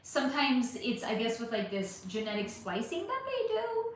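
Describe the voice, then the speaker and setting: Woman livestream host, rambling casual chat, slightly high voice, echoey room. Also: sing-song, normal speed. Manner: chatty, rambling, frequent fillers. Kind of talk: casual livestream chat answering viewer comments.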